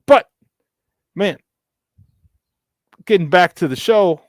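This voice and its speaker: A slightly high-voiced man holding forth as a sports talk host. He rambles in a casual monologue, hammering his points by saying them twice. The sound is dry and close. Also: lively intonation, takes it slowly, darkish tone, dry recording. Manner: repetitive, emphatic, preachy asides.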